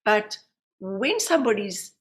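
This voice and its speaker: A New Zealand woman in her fifties, a medium and hypnotherapist appearing as a podcast guest, shares personal stories at a measured pace in a medium-pitched voice. She's an animated storyteller who acts out the voices of the people she quotes during the interview.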